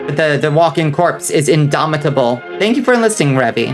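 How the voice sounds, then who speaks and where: A woman's voice: low voice, lively intonation, a little slow, long pauses, music in the background. A woman streamer chatting casually with her viewers, joking, laughing often and answering chat. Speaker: vtuber streamer.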